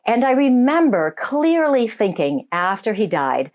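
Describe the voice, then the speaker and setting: A middle-aged woman, a medium and life coach, hosting a casual spiritual talk show, chatting warmly with viewers and laughing easily. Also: on the high side, very animated, unhurried. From United States.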